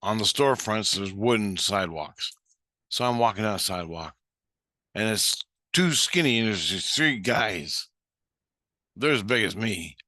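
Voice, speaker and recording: A man's voice: fairly low pitch, animated, normal speed, pauses often, sharp tone, no room sound, clean studio sound. A man telling a story in a blunt, heated way, swearing constantly. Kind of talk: casual storytelling.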